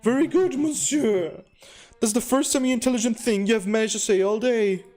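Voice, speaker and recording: A man's voice: very high-pitched, normal speed, darkish tone, faint music behind, voice pushed up. A man voicing a haughty, condescending male bird librarian who talks down in a mock-French manner. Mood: lecturing. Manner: pompous, scornful, mock-French.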